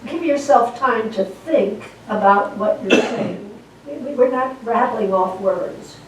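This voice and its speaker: A woman minister preaching and leading spoken affirmations in a church. She talks slowly and deliberately and repeats key phrases for emphasis. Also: a little high, slight background noise. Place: church sanctuary. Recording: echoey room, voice from far off the mic.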